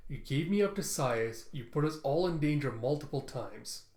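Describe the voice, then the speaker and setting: A man's voice: on the high side, expressive, normal speed, darkish tone. Brief: man voicing a cold, firm young woman; roomy echo. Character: stern young woman, coldly accusing.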